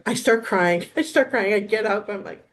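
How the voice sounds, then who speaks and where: A woman in her fifties from Wisconsin, a therapist guest telling lively stories and acting out quotes in a casual interview. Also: mid-range voice, moderate pace. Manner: animated storyteller, acts out quotes.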